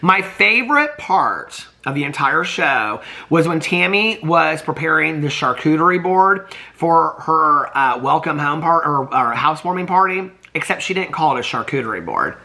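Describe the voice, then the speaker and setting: A man's voice: a little high, lively intonation, normal speed, vocal fry, few pauses, pushed and bright. A man with a Southern accent recapping a reality TV show in a gossipy, emphatic way, often asking "okay?". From Indianapolis, Indiana, US Midwest. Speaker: TV recap YouTuber. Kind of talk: casual chatty TV recap.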